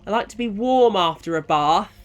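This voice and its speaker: A man voicing a furious, bitter middle-aged mother who screams in high, strained bursts. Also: expressive, normal speed, soft background music. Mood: calling out.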